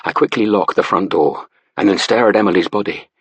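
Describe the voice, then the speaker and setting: Man, audiobook narrator, low husky voice, dry close mic, tense first-person thriller. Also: a little fast, no room sound. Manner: voices a panicked, cursing husband in first person.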